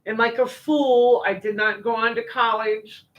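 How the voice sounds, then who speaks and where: Here an older livestream host goes through viewer comments at a somewhat slow pace, her voice a little high and steady. Her casual talk is homey and full of fillers and asides, captured with lo-fi sound.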